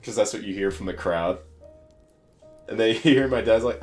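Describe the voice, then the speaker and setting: A man's voice: medium pitch, moderate pace, long pauses, darkish tone, faint music behind. A young American man co-hosting a podcast, rambling through casual stories with lots of fillers and laughter. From United States. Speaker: podcast co-host.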